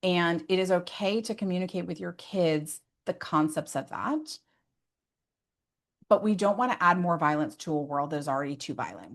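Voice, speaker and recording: Parenting educator, female, slightly low voice, earnest and conversational, peppers talk with asides. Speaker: behavior specialist.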